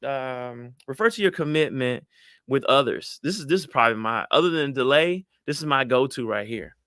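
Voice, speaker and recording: A middle-aged man, giving lively motivational advice to an audience and acting out voices. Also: medium pitch, normal speed, no room sound, clean studio sound. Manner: animated, acts out quoted voices, addresses audience as y'all. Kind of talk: motivational talk to a live audience.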